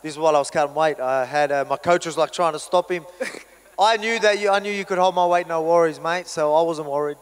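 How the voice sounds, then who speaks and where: A man with an Australian accent, a fighter answering questions at a press event in a relaxed, joking way. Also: on the high side, fairly quick, smooth, big-room sound. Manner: laid-back, joking, self-deprecating. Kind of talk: casual press conference answers.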